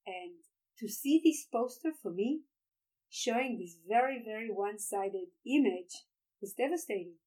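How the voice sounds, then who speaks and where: A woman's voice: mid-range voice, normal speed, low-quality recording. A woman in her thirties from Israel with an Israeli accent, a tour guide telling a personal story in an interview, emphatic and repeating words as she gets caught up. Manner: animated, emphatic, repeats words when excited.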